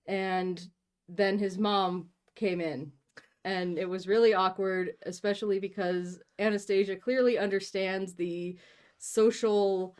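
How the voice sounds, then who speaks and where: A young woman hosting a book read-along, chatting casually with sarcastic, giggly asides. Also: medium pitch. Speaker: host reading a book aloud.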